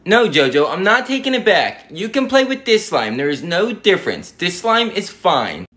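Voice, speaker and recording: A man's voice: sits high, very animated, normal speed, fairly bright tone, slight background noise. A tired, exasperated mom, played by a man, scolds her spoiled daughter firmly. She sounds fed up but patient. It's a comedy sketch.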